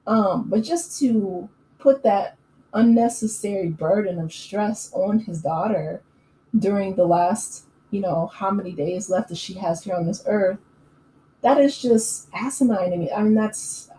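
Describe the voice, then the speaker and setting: A woman hosting a casual recap channel, chatting in an opinionated way with lots of fillers and quick laughs. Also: medium pitch, warm tone. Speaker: YouTube recap host. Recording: echoey room with faint ambient noise.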